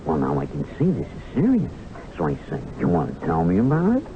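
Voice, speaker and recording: A man's voice: sits low, a little fast. A man playing a gossipy waiter leans in with a story, his voice leaping up and down as he tells it. The old radio commercial comes through thin and tinny, with plain hiss behind it. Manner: lively storytelling, quoting a customer. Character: chatty male waiter, gossipy and animated. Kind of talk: vintage radio commercial acting.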